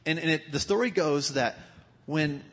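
Husky-voiced man teaching in a hall. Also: a little high, moderate pace, a bit bright. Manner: casual, repeats words as he restarts. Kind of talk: casual youth sermon. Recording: long hall reverb.

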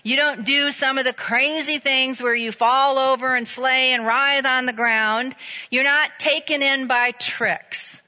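Woman preacher, sermon, bright clear voice, a bit high, lively and conversational, dull lo-fi sound. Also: unhurried.

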